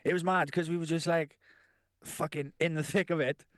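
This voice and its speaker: A man's voice: fairly high pitch, fairly even intonation, moderate pace, fairly bright tone, dry recording. A man co-hosting a podcast, telling crude stories with lots of swearing, laughing and acted-out quotes. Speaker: podcast co-host. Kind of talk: crude casual storytelling.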